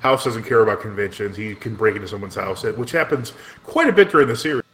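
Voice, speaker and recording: A man's voice: fairly low pitch, expressive, fast talker, a bit bright. A man co-hosting a casual podcast chat about a TV show, chatty and often repeating words as he starts sentences. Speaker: podcast co-host.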